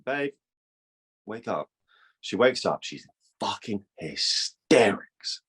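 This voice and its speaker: A man's voice: on the low side, slow pace, husky. Profane young man telling a story. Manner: profane, animated, acts out quoted dialogue. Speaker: guest. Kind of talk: casual storytelling.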